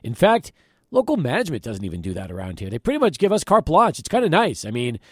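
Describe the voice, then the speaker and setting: Animated sports radio host, man. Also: medium pitch, fast talker, husky, no room sound, clean studio sound. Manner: animated, excitable. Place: radio studio. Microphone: studio microphone.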